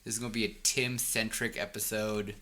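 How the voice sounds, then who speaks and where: A man co-hosting a podcast in casual chat, animated and quick to laugh. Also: on the low side. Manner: animated, laughing, bouncy delivery. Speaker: podcast co-host.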